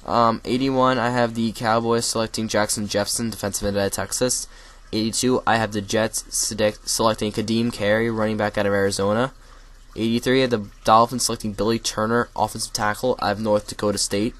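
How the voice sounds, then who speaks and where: A young man reading out a list of draft picks in casual solo commentary, correcting himself and adding quick asides while he is losing his voice. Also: fairly low pitch, little pitch movement, fairly bright tone. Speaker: mock draft creator.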